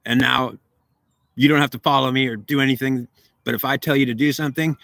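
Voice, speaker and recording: A man's voice: mid-range voice, steady tone, fast, creaky, a bit bright, no room sound. A man voicing a domineering male devil who calls himself god of this world and demands to be acknowledged, threatening and insistent.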